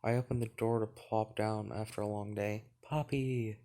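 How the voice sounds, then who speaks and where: A man hosting a let's play, reading a visual novel's narration aloud in an even, relaxed way with light asides. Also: on the low side, moderate pace.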